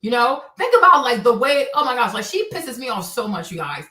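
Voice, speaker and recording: A woman's voice: on the high side, very animated, brisk, bright, forceful tone, recorded from a distance. A woman hosting a livestream, ranting casually with heavy profanity and exasperation. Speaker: streamer host. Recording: echoey room, voice a bit off-mic.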